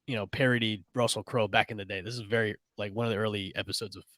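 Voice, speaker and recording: A man's voice: on the low side, steady tone, fast talker, a bit bright, no echo. A man co-hosting a podcast, chatting casually about a film and giving emphatic opinions with frequent restarts. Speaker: podcast co-host, film reviewer. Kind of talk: casual chat.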